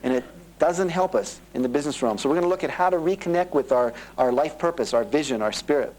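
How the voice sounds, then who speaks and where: Animated man giving a seminar talk. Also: on the high side, fast talker, low-quality recording. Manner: animated storytelling, acting out quoted voices. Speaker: seminar speaker. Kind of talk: motivational seminar talk to a live audience. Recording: 1980s cassette tape of a live seminar.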